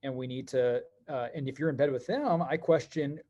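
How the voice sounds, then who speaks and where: A middle-aged man telling stories as a podcast guest, animated and quick, with many fillers. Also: mid-range voice, highs cut off. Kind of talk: conversational podcast interview.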